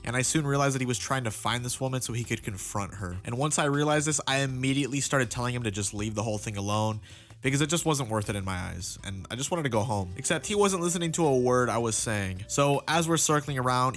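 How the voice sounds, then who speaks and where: A young man with a mid-range voice tells a funny story, animated and exaggerating for effect. Faint background music plays under his narration. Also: mid-range voice, fast. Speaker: storytime youtuber.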